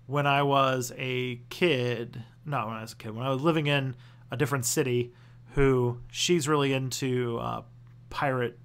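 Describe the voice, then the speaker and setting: A young adult man hosting a casual livestream Q&A, answering viewer questions in a rambling, halting way with constant restarts and the odd swear word. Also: mid-range voice, fairly bright tone, clean tone. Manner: loose and profane.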